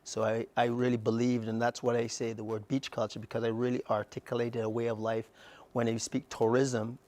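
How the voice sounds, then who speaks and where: A man's voice: medium pitch, little pitch movement, a little mellow. A middle-aged man with a Barbadian accent, speaking passionately and emphatically as a guest on a morning TV interview. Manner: passionate, emphatic, fast bursts with rising outbursts. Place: TV studio.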